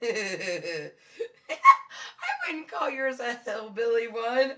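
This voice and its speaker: A woman streamer chatting casually with her viewers, with a low-toned voice, rambling through fillers, swearing and giggling. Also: expressive, extremely slow. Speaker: live streamer.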